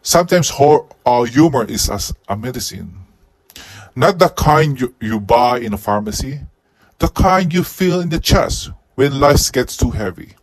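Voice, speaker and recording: A man giving a comic movie review in a husky head costume, with deadpan jokes and sudden outbursts. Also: medium pitch, a little slow. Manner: speaking while wearing a husky head costume.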